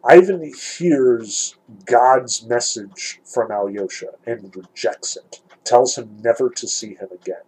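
A man lecturing on a novel, explaining passages in a thoughtful, measured way. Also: medium pitch, a little mellow, husky, poor audio. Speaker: literature lecturer. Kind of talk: lecture with dramatic read-aloud passages.

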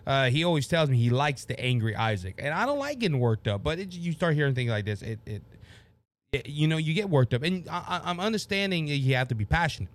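A man's voice: on the high side, very animated, quick pace. A man with a Louisiana accent hosting a political talk show, passionate and worked up, often stumbling and repeating words. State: worked up and sweating. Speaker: podcast host.

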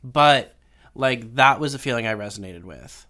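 A young man talks to his audience in a loose, rambling way, swearing freely and gushing about what he loves. His voice is bright and forceful, with a lot of edge at the top. He sounds like an online creator speaking straight to his followers. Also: mid-range voice, moderate pace. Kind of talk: casual chat to camera.

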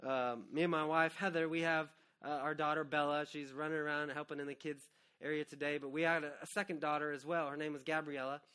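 A man in his thirties, a pastor preaching an earnest, personal sermon that swings from hushed to loud. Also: fairly high pitch, level tone, quick pace, clear, resonant tone.

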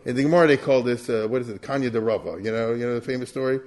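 A man's voice: medium pitch, fairly even intonation, very fast, a little mellow. A man giving an informal history lecture, telling it as a story, acting out quotes and dropping in Yiddish and Hebrew terms. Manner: storytelling, acts out quotes, asks the listeners "you get it?".

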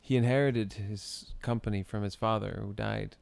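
A man telling a story in casual chat, animated and often breaking into laughter. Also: on the low side, normal speed, gravelly, dry recording.

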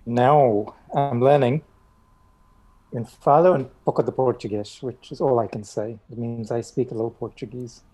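A guest in a casual chat, self-deprecating and quick to laugh at themselves. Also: medium pitch, steady tone, warm tone.

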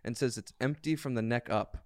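A man's voice: medium pitch, a little fast, slight background noise. A man co-hosting a casual podcast, reading listener comments aloud. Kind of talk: casual chat.

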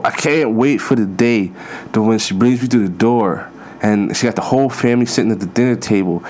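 A man's voice: on the low side, a little mellow. A man hosting a podcast, telling rambling, profane stories in a casual comedic monologue with self-mocking asides. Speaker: podcast host.

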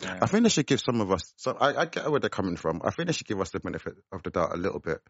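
A man talks calmly on a podcast in a lowish voice, mixing slang with quiet agreement. The sound is dry and a little muffled. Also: racing, slightly rough, no room sound. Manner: calm, slangy, many murmured agreements. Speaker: podcast guest. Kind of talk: casual chat.

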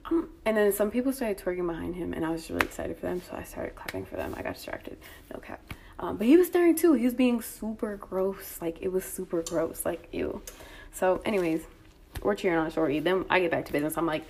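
A young woman telling a story in a casual, profane chat, blunt and animated, acting out the exchanges with lots of fillers. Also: fairly low pitch, a little fast, creaky.

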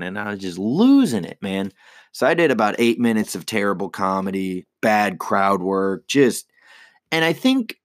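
Low, dry-voiced man ranting casually. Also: dry recording. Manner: profane, rambling and self-critical. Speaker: stand-up comedian. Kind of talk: casual monologue.

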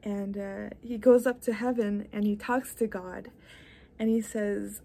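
A woman's voice: medium pitch, steady tone, unhurried, creaky, dark tone. A woman wellness coach hosting a podcast, giving an earnest, encouraging motivational talk.

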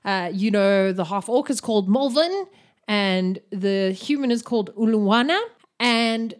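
A woman narrating a tabletop game as game master, chatty and laughing. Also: fairly high pitch.

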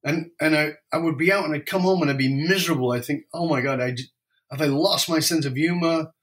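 A man telling an emotional personal story, reflective and candid, speeding up and slowing down as he goes. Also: a little high, a bit bright. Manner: emotional, reflective, varies pace widely.

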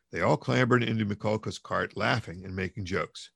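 Gravelly, husky male audiobook narrator. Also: fairly low pitch, no room sound, studio quality. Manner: measured, expressive reading. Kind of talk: audiobook reading of a classic novel.

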